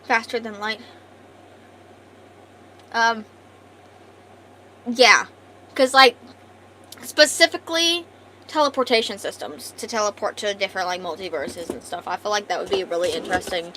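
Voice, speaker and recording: A young woman streaming from home, chatting casually and thinking out loud while she draws, talking fast and rambling from thought to thought. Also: mid-range voice, animated, slight background noise, poor audio. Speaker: art streamer. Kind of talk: casual livestream chat.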